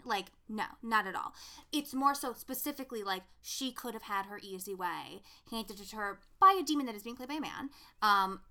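Young woman cohost, bright kinda high voice, super animated, swears a lot, says like constantly. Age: young adult. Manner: animated, profane, heavy use of "like". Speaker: podcast co-host. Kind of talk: casual chat.

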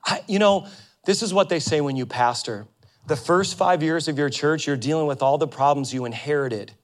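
A male pastor preaching a sermon to his congregation in an animated way, acting out quoted voices and sometimes laughing with the crowd. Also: a little high, normal speed. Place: church before a congregation.

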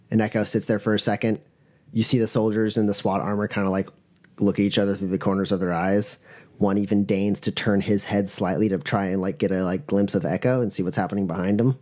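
A man's voice: lowish voice, little pitch movement, fast, a little mellow. A man narrating a tabletop game as game master, rambling with many fillers.

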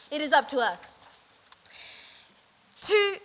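A woman giving a satirical mock lecture at an event, delivering it deadpan and mock-earnest with many fillers. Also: sits high, a little hiss or hum, low-quality recording. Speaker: event speaker.

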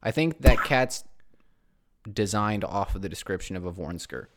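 A man's voice: on the low side, lively intonation, moderate pace, background noise. Wry man in casual podcast banter. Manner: wry, joking, puts on silly accents. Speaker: podcast co-host. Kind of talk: casual chat.

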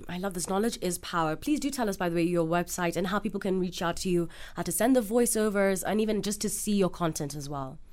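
A woman's voice: fairly low pitch, fast talker, few pauses, darkish tone. Upbeat woman radio host. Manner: enthusiastic, upbeat. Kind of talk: radio interview. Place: radio studio.

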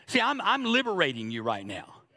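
A man's voice: sits high, wildly swooping pitch, moderate pace, bright, forceful tone. A man in his fifties preaching a sermon, joking and acting out little asides in a conversational way. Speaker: pastor.

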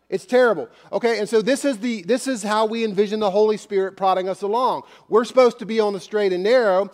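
A man's voice: high-pitched, in a large hall. A man preaching a sermon as pastor, speaking conversationally and directly to his congregation in a church sanctuary.

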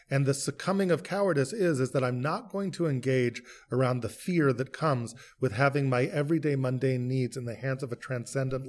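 A man who is a rabbi, leading a podcast text study with animated questions, reading verses and explaining them. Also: mid-range voice. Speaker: rabbi and teacher.

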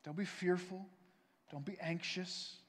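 A man preaching a sermon as pastor, earnest and pleading, his voice swelling louder and then dropping soft. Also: high-pitched, fairly even intonation, unhurried, slightly rough. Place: church sanctuary. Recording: long reverb from a church hall.

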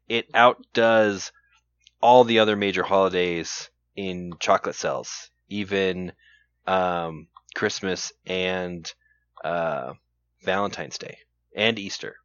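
A rambling male podcast host with a lowish voice, chatting loosely and tossing out trivia questions. His voice comes through a dull, lo-fi recording that is close and completely dry, with no room sound. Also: fairly bright tone, clear, resonant tone, no room sound. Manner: rambling, laughs often, lots of "like" and "you know". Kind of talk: casual chat.

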